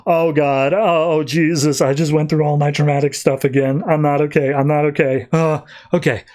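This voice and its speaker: A man's voice: on the high side, level tone, moderate pace, darkish tone, lightly acted. A man voicing an awkward, rattled male superhero in a loose, casual tone. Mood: flustered. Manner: casual, rattled, self-deprecating.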